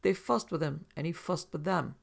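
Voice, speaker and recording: A man voicing an old rustic mountain hunter, spinning unhurried tales in a folksy backwoods dialect. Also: fairly high pitch, vocal fry. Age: older.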